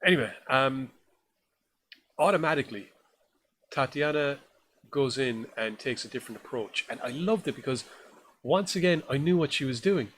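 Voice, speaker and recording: A podcast co-host with a mid-range, slightly bright voice reviews a new horror film in casual, enthusiastic, rambling conversation. He talks at normal speed with long pauses, and there's slight background noise.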